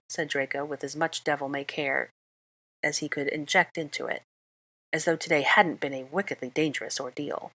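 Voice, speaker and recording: Low-voiced woman reading fiction aloud. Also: fairly even intonation, moderate pace, bright, forceful tone. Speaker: reader.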